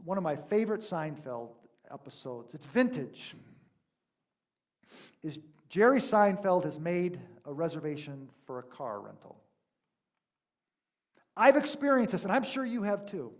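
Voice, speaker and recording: A man's voice: high voice, big pitch swings, a little slow, pauses often. A male pastor giving a sermon in a conversational, storytelling manner with emphatic peaks.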